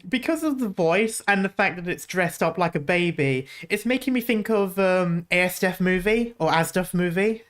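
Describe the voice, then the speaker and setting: Streamer reacting to trailers, mid pitch, rambly and giggly, lots of laughing. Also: expressive, moderate pace. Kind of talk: casual reaction commentary.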